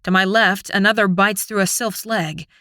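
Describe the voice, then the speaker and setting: A woman narrating a fantasy audiobook in the first person, with an expressive, dramatic reading. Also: mid-range voice, moderate pace, no room sound, studio quality.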